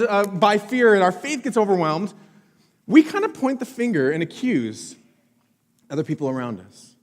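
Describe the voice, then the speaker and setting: Animated man preaching in a hall. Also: sits high. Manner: animated storytelling, jokey and self-mocking. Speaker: pastor. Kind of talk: sermon. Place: church auditorium. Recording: church hall with long reverb.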